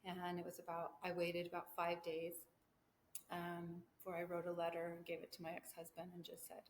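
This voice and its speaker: A middle-aged woman with a fairly low voice talks through a personal story for her podcast. She rambles, interrupts herself and laughs between thoughts. The room is echoey, with a faint hum behind her. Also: monotone, fairly quick. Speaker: podcast host.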